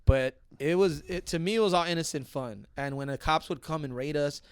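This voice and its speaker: A young man telling a profane, animated story in a casual podcast chat. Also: on the high side, brisk, smooth, dry recording. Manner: profane, animated, acts out other people's voices. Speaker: podcast guest.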